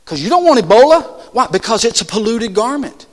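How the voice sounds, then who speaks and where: High, lively preacher in reverberant hall. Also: male voice, fairly quick. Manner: call-and-response, rhetorical questions to the congregation; shouts and drops to soft asides. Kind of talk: sermon. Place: church. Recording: long church hall reverb.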